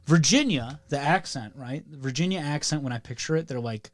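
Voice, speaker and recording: A man's voice: on the high side, normal speed, no echo. A young man co-hosting a comedy podcast, chatting casually and goofily slipping into silly accents. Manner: goofy, slips into silly put-on accents. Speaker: podcast co-host.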